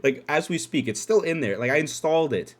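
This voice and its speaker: A young man telling a story casually on a podcast, cursing freely and breaking into loud excited bursts. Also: fairly high pitch, a little fast. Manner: animated, profane, swings into loud excited outbursts. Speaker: podcast host.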